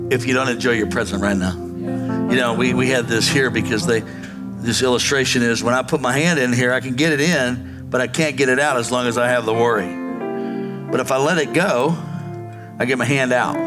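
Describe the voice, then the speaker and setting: A man preaching a sermon as pastor, acting out quoted voices and calling on the congregation to respond. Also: mid-range voice. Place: church sanctuary before a congregation.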